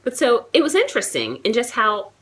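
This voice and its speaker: A woman's voice: fairly high pitch, huge pitch swings, fairly quick, fairly bright tone. A young American woman with a cold, chatting casually to camera in a travel vlog, full of likes and you knows. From United States. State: has a cold, chesty. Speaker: travel vlogger.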